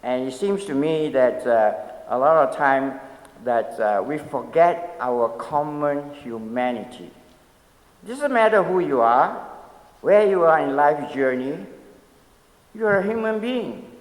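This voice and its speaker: A man's voice: on the high side, expressive, a little slow. A man in his seventies, a pastor giving a conversational sermon, telling stories and asking the audience questions with light humor. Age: 70s. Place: church sanctuary. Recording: long echoey church reverb.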